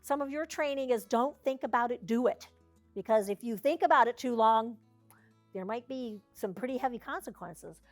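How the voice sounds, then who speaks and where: A woman's voice: fairly high pitch, normal speed, soft background music. A woman service dog trainer leading a hands-on class, chatty and down-to-earth with joking asides.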